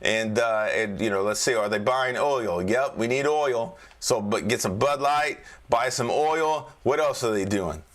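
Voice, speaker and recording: A man's voice: mid-range voice, measured pace, hardly any pauses. A man, a trading coach, giving a casual screen-share market review, chatty and joking, often checking in with listeners. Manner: chatty and joking, keeps checking in with "all right?".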